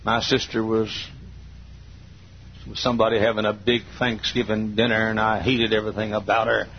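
A man in his sixties preaching a sermon in church. He tells folksy stories and swells into fervent near-shouting. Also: on the low side, level tone, normal speed, slight background noise. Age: 60s. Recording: dull lo-fi sermon recording.

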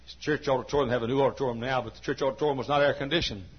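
Husky preacher guy, kinda high voice, goes from quiet storytelling to hollering, dull old church tape. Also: fairly even intonation, very fast. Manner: swings from hushed storytelling to high shouting. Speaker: pastor. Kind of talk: sermon. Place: large church. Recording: dull lo-fi sermon recording.

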